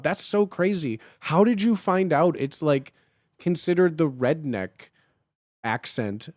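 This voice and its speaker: A man's voice: on the high side, a little slow, no room sound, studio quality. A young man in his twenties chatting casually and jokingly on a live stream, reading and answering chat. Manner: animated, jokey, slangy.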